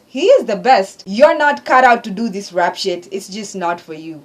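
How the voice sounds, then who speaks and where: A woman's voice: a little high, expressive, normal speed, hardly any pauses. A woman with a slightly raised voice talks through rap lyrics in casual reaction commentary. She is emphatic and profane as she explains each line, sounding like a regular host chatting to her viewers.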